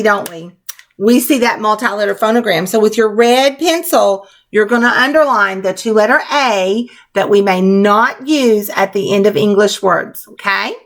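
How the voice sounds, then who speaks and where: Woman, teacher, young children's spelling lesson, patient, sing-song, slightly high pitch. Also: a bit bright.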